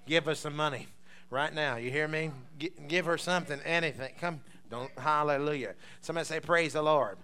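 With a slightly high, sharp voice and a fairly quick pace, a male preacher drives a sermon of exuberant call-and-response and bursts of praise. He breaks out in laughter and speaks in tongues.

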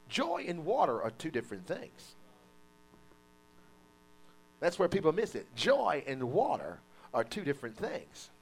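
A man's voice: sits high, gravelly. A man preaching a sermon, calling on the congregation to repeat after him and acting out quoted voices. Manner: animated preaching with call-and-response and mock quotes.

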